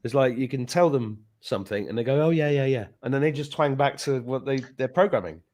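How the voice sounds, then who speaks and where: This podcast host speaks briskly in a medium pitch. Chatting casually, he gets animated and voices the people in his story himself.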